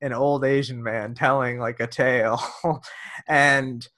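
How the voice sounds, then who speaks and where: A man's voice: medium pitch, fairly even intonation, slow pace, a bit bright. A man chatting casually as a podcast host, telling rambling, self-deprecating stories. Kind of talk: casual comedic chat.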